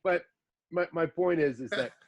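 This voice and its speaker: A man's voice: a little high, moderate pace, dull audio. Rambling middle-aged man telling stories. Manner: rambling, animated anecdotes with frequent asides. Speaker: podcast host. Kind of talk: casual storytelling chat.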